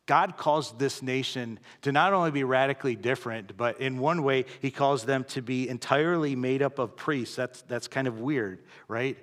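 Male pastor, mid-pitched, conversational sermon in church, rises to loud emphasis and drops to quiet asides. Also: normal speed, hardly any pauses. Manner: conversational, keeps asking "right?".

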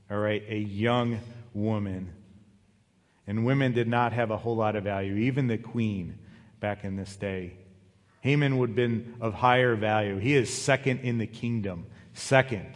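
A pastor preaching a sermon, retelling a story with lively voices for its characters. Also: male voice, on the low side. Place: church sanctuary. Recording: long hall reverb.

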